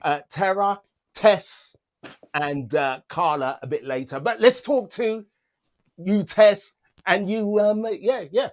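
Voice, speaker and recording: A man's voice: high voice, slow pace. A man hosting an interview over a video call, joking, rambling and laughing often. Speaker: interview host. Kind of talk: casual interview.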